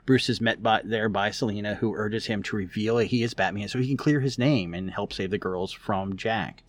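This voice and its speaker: A man's voice: fairly low pitch, normal speed. A man co-hosting a podcast, recapping a story in casual chat, rambling with lots of fillers and restarts. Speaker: podcast co-host.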